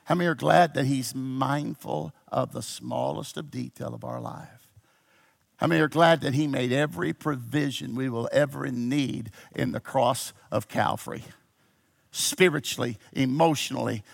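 Gravelly-voiced preacher man, shouting and dropping low. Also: moderate pace. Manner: swings from shouted exhortation to low intimate teaching. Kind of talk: sermon. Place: church with a responsive congregation.

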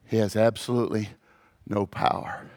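A man preaching as a pastor, moving from hushed, low passages to loud, shouted peaks. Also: little pitch movement, moderate pace. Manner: dramatic, swings from hushed to shouting. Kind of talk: sermon. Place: church.

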